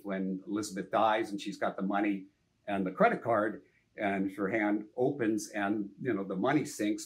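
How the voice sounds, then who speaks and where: An older film director with a fairly low voice tells anecdotes in a casual interview, animated and lively, saying "you know" a lot and swearing now and then.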